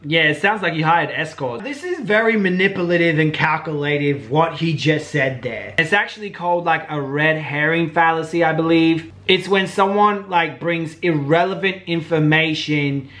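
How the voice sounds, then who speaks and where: A man's voice: a little high, moderate pace, hardly any pauses, fairly bright tone. A man giving casual reaction commentary, loose and chatty, peppered with "like" and "bro". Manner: casual, uses "like" and "bro" a lot.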